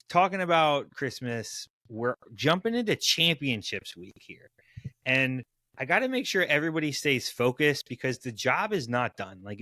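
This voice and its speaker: Bright, dry-sounding male podcast host. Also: medium pitch, no room sound. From Florida, USA. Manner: chatty and upbeat, loose with fillers. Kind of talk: casual podcast chat.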